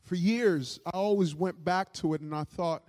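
Man, pastor, middle-aged, high voice, impassioned testimony sermon, repeats himself. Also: moderate pace, long reverb tail. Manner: impassioned, repeats words, swings from loud to hushed.

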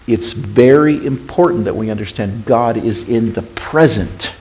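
A man preaching a sermon as pastor, questioning the congregation and swinging between hushed, intimate passages and emphatic, raised ones. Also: medium pitch, unhurried, low-quality recording.

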